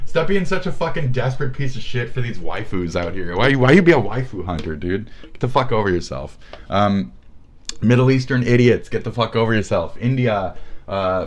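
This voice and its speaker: Low voiced guy ranting on stream, sarcastic, swears constantly. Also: lively intonation, moderate pace. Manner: profane, sarcastic and mocking. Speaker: live streamer.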